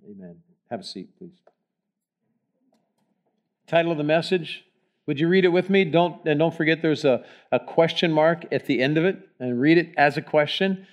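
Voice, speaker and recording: Male pastor, sermon in a church, shifts from loud to hushed. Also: on the high side, a little fast, muffled recording. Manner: preaching with sharp swings from loud emphasis to hushed prayer; leads the congregation in reading aloud together. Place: church sanctuary.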